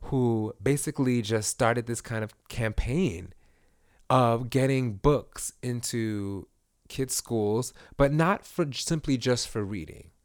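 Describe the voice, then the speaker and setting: A man's voice: medium pitch, slow pace, smooth, no echo, studio quality. A man co-hosting a casual podcast chat, talking in a meandering way full of fillers. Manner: chatty, meandering, lots of fillers. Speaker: podcast co-host.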